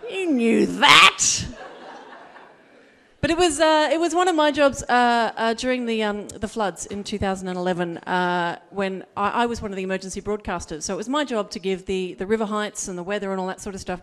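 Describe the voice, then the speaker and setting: A woman's voice: mid-range voice, quick pace, hardly any pauses. A woman with an Australian accent doing a chatty stand-up comedy set, slipping into quoted voices. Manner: chatty storytelling with put-on voices. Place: comedy gala stage.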